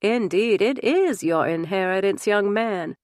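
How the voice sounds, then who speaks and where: A woman's voice: mid-range voice, expressive, a little slow, darkish tone, no echo, studio quality, lightly acted. A woman reading an aged, courteous statesman. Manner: courteous, formal.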